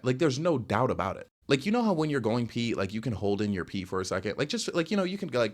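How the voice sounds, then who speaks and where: A young man casually telling a storytime rant, rambling with lots of filler words and sudden jumps in pitch. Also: very animated, fairly quick, few pauses. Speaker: storytelling vlogger.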